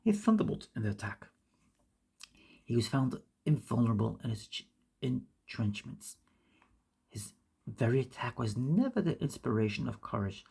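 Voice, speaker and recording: A woman reading a classic essay aloud, with an emphatic delivery, often going back to fix misread words, in a gravelly, husky voice. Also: very deep voice, a little mellow. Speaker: reader.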